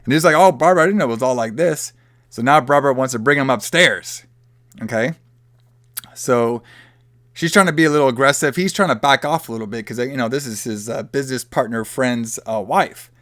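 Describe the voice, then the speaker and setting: A man's voice: mid-range voice, brisk, fairly bright tone, no echo. A man hosting a podcast, loosely and profanely retelling a movie plot in casual chat. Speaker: podcast host.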